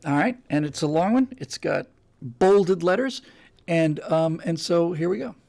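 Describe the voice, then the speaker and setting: A man's voice: fairly high pitch, lively intonation, unhurried, gravelly, darkish tone. A man hosting a podcast, talking in a casual, emphatic monologue with frequent restarts. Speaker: podcast host.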